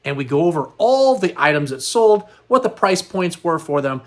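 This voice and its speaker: A middle-aged man talks through his vlog in a loose, rambling way with an upbeat lift. His voice sits high for a man. He sounds tired and a little worn. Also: big pitch swings, normal speed. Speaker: host. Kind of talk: casual vlog chat.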